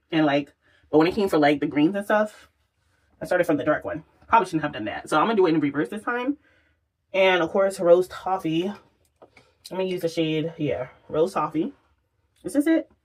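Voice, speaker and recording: A woman chatting casually through a makeup tutorial, exclamatory and swearing freely as she works. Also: fairly low pitch. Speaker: makeup vlogger.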